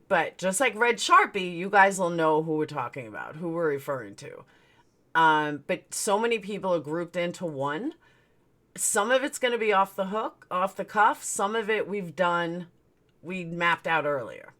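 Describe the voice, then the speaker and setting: A woman hosts her own stream in a fairly low, somewhat bright voice, calling out viewers' names one at a time. Her manner is chatty and joking, and she often laughs at herself.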